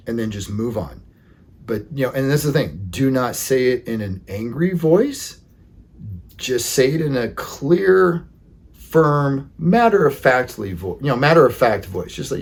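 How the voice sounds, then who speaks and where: A man with a husky, slightly breathy voice of middle pitch gives casual dating advice straight to his viewers. He talks in an earnest, plain-spoken way, often filling gaps with "you know.". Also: very animated, a little slow, a little mellow.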